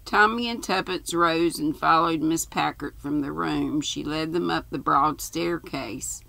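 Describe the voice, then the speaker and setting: Older woman host reading a novel aloud, slow and gravelly, casual asides. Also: sits low, bright, forceful tone, dry recording. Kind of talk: storybook reading.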